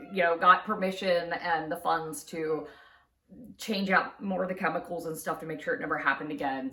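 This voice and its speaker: A woman telling a true story in a casual storytime vlog, chatty and quick to laugh, recorded in an echoey room. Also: on the low side, fairly bright tone, far from the mic. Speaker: craft channel host. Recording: roomy echo.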